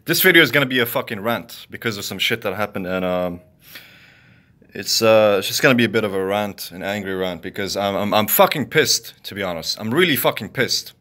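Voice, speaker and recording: A man's voice: lowish voice, expressive, a little fast, pushed and bright. A young man ranting angrily to camera in a heated, profane, repetitive way. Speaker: vlogger. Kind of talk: angry rant to camera.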